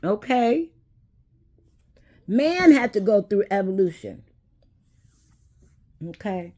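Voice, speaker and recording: A woman, hosting a casual talk and speaking in an unhurried, preachy way that addresses viewers directly. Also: mid-range voice, very animated, warm tone. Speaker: host.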